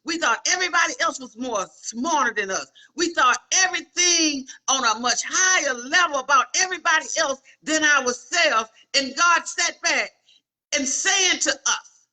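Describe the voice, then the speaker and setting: High, bright-voiced woman preaching. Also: lively intonation, moderate pace. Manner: emphatic, repetitive, calls out to listeners. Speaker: inspirational speaker. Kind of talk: preaching motivational talk.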